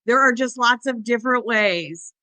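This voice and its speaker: A woman co-hosting a podcast about dog training, chatting casually and acting out dogs and owners in quick asides. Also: on the high side, pushed and bright, dry recording.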